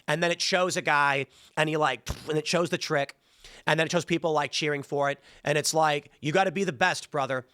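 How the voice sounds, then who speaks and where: A man's voice: a little high, steady tone, a little fast, pushed and bright, no room sound, studio quality. A man hosting a show, giving blunt, ranting opinion commentary. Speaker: show host.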